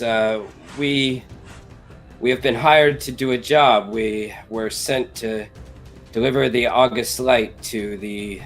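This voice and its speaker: A man speaks slowly in character during a tabletop game, hesitating often with "uh" and "um." Faint music plays behind him. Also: medium pitch, fairly even intonation. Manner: hesitant, filler-heavy delivery. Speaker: player.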